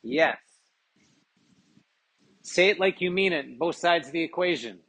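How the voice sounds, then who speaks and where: A man with a slightly husky, fairly high voice runs a live group workshop at a retreat. He coaches the room briskly and keeps up quick, encouraging acknowledgements. He often laughs lightly as he checks in with the group. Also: expressive, a bit bright. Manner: brisk and encouraging, with frequent "okay, very good" acknowledgements. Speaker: yoga teacher leading a group workshop.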